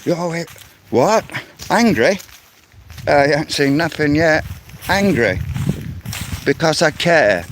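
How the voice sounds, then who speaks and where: Man, ranting vlog, slow deliberate delivery, angry and insistent, faint background noise. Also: a little high, big pitch swings. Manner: angry, insistent, repeats words while ranting. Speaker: vlogger.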